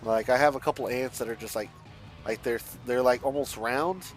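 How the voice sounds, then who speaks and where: A man's voice: medium pitch, steady tone, moderate pace. Young guy streaming, rambling and cussing a lot, mid voice, faint music behind him. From Mexican family. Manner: rambling, swears often, frequent restarts. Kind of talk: casual rambling chat while playing a driving game.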